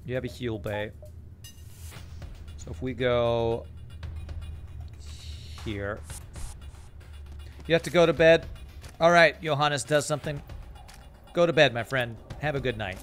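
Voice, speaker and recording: A man's voice: medium pitch, a little slow, long pauses, a bit bright, faint music behind. Chatty male game streamer. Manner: casual, chatty, reads viewer chat aloud and answers it. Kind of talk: live gameplay commentary.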